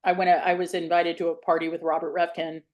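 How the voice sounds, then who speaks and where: A woman hosts a casual podcast over a video call. She gushes warmly at her guest with compliments and talks in a loose, chatty way. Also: lowish voice, monotone, fast, highs cut off. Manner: effusive and complimentary. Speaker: podcast host. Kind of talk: casual interview chat.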